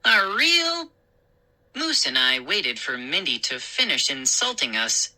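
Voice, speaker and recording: A woman reading a children's story aloud in an expressive, unhurried way. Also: a bass voice, poor audio.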